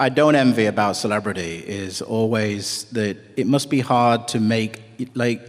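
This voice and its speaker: A man asks questions on stage in a reflective, faltering way. His voice is on the low side. It rings with a long hall reverb. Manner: thoughtful, hesitant, checks in with the guest. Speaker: interviewer. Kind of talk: onstage interview questions. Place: stage before a live audience.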